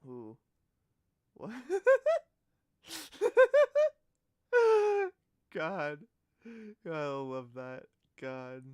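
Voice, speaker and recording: A woman's voice: lowish voice, huge pitch swings, very slow, pauses often, darkish tone, no room sound, studio quality. A woman streamer in a casual live-stream reaction, giggly and gushing, often exclaiming and trailing off mid-sentence.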